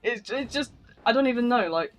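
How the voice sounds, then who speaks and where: High-voiced northern English man, rambling chat. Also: animated, fairly quick, fairly bright tone, soft background music. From northern England. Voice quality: thick voice. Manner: rambling, chatty, slangy, swears casually. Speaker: game streamer. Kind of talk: casual live stream chat.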